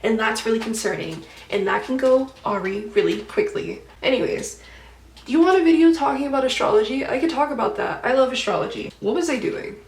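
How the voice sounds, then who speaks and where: A woman's voice: a little high, expressive, brisk, distant mic. A young woman vlogger chatting casually about her dreams while doing her makeup, full of "like" and slang. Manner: chatty, heavy use of "like", slangy. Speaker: beauty vlogger. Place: indoors at home, getting ready. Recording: echoey room, voice somewhat off-mic.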